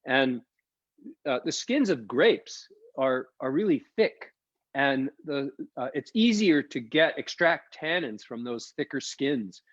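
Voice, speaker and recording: A man's voice: mid-range voice, expressive, slow, fairly bright tone, dry recording, highs cut off. Chatty man leading a wine tasting. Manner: enthusiastic, chatty, explains as he tastes. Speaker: winery co-founder presenting a tasting. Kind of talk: live online wine tasting presentation. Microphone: video call.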